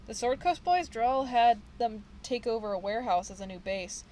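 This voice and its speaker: A woman's voice: fairly high pitch, expressive, normal speed, dark tone, slight background noise, close to an everyday voice, rough recording. Woman reading a nervous young gang runaway. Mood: scared. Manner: nervous, rambling, slangy. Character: frightened young male ex-gang member, street-talking. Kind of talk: reading game dialogue aloud.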